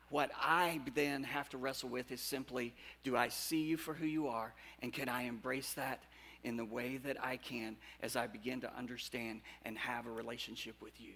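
Male preacher, gravelly edge and bright tone, chatty sermon that jumps from loud and animated to hushed and earnest. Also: medium pitch, normal speed. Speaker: pastor.

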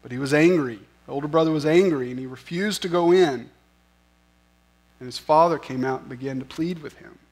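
A male pastor delivering a sermon in a conversational, self-deprecating way. He often turns to the congregation with rhetorical questions. His speaking voice sits noticeably high for a man. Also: a little fast, darkish tone.

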